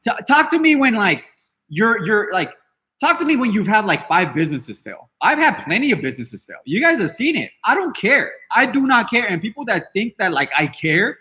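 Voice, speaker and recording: A podcast host rants casually and unscripted in a brash, dismissive, defiant way, swearing freely and rambling with many restarts. His high voice swings widely in pitch at a moderate pace, with a sharp tone.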